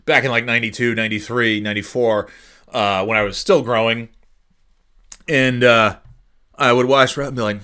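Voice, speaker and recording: A man's voice: mid-range voice, steady tone, normal speed, pushed and bright. A man in his forties chatting casually and alone as a podcast host, rambling and sarcastic, slipping into silly voices. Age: 40s. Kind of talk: casual solo chat.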